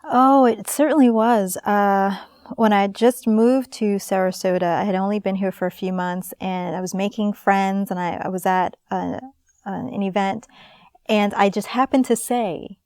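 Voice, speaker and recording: Lively woman telling her story. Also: medium pitch, measured pace, dry recording, clean studio sound. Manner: lively, animated storyteller, laughs often. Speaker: actress and interview guest. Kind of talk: casual storytelling in an interview.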